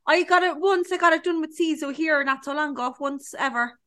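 An Irish woman co-hosts a chatty podcast, her voice pitched high and bright. She tells stories at a lively clip and acts out the lines of the people in them. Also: a little fast. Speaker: podcast co-host. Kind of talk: casual chat.

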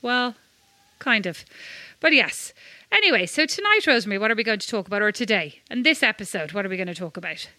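A woman's voice: mid-range voice, sing-song, fast talker, sharp tone, no room sound. An Irish woman co-hosting a podcast, chatting casually and telling rambling, self-mocking stories. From Ireland. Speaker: podcast co-host. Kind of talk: casual chat.

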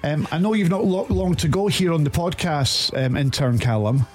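Slightly high and a little mellow, with lively intonation, the voice belongs to a Scottish co-host of a football podcast. Over faint music, he chats casually and draws out his long, meandering stories.

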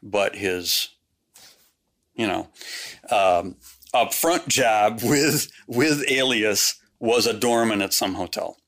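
A man, a former surveillance agent, recalling a case in an interview, speaking haltingly. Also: lowish voice, a bit bright. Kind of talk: interview recollection.

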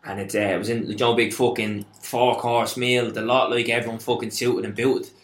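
A man's voice: mid-range voice, level tone, normal speed. A young man with a Dublin accent telling a story in casual chat, swearing a lot and acting out what people said to him. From Ireland. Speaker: podcast co-host. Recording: roomy, echoey room.

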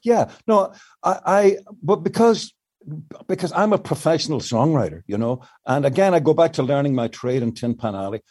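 A man's voice: on the high side, lively intonation, normal speed, darkish tone. An older male songwriter explaining his craft at length in an interview, with many restarts. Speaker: songwriter guest. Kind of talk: reflective interview answers.

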